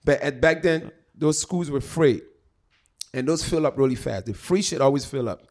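A man's voice: on the high side, moderate pace. A middle-aged man from Ghana, a comedian telling profane, jokey stories in casual chat. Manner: animated, profane, jokey storyteller. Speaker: comedian guest.

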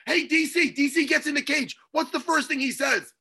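A man co-hosting a sports talk show, ranting in a fiery, theatrical way and breaking into shouts. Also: very high voice, moderate pace, hardly any pauses.

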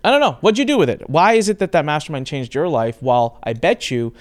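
A man's voice: on the high side, lively intonation, fast. A middle-aged man hosting a podcast interview, telling a personal story earnestly and asking probing questions. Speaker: podcast host. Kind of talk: interview conversation.

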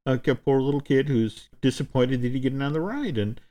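A man co-hosting a chat show, telling a story at length in a halting, conversational way with many restarts. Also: mid-range voice, mellow. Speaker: podcast co-host. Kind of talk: casual chat.

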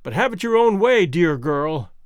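A male narrator playing a cynical rich schemer, blunt and self-assured. his voice rides fairly high and moves a lot. the recording is dry and close. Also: big pitch swings, normal speed, clean tone, dry recording.

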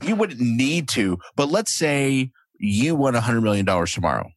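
A male podcast co-host who teases and jokes in lively banter. His pitch moves a lot, and the dry, close recording has no room echo. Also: normal speed. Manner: teasing, joking, animated.

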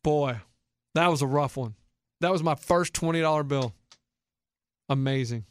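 A man in his thirties hosting a casual talk show, telling a story in an animated way and acting out the voices of the people in it. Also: on the high side, moderate pace, no echo. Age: 30s. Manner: animated, acts out quoted voices. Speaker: podcast host.

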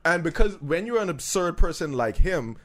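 A man's voice: a little high, lively intonation, moderate pace, a bit bright. A man co-hosting a podcast in easy, casual chat. He rambles through his points and makes them with hypothetical quotes. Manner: discursive, builds arguments with hypotheticals. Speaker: podcast co-host.

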